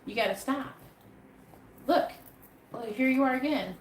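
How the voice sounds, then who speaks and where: A woman's voice: sits high, moderate pace, pauses often. A woman giving a live tarot reading, talking in a blunt, profane way with a pep-talk delivery. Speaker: tarot reader. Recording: echoey room with faint background noise.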